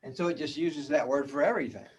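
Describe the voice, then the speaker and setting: A man's voice: on the high side, quick pace, darkish tone, husky. Rambling man giving a spiritual talk. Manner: rambling, repeats words, chuckles often. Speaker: spiritual teacher.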